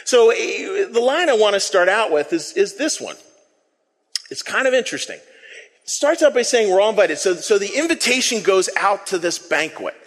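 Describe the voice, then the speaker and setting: Man, pastor, sermon, high voice, animated storytelling, echoing church hall. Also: moderate pace. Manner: animated, storytelling with acted quotes and asides.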